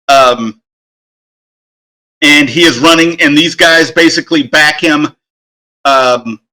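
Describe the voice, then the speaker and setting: A man's voice: a little high, takes it slowly, bright, forceful tone. A man narrating as game master in a tabletop game, talking with many fillers and restarts.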